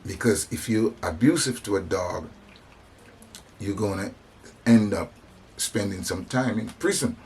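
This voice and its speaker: A man's voice: on the low side, measured pace, long pauses, darkish tone, a little hiss or hum. A man delivering an impassioned preaching monologue about compassion, with emphatic repetitions and restarts. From African descent. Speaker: speaker on religion and society.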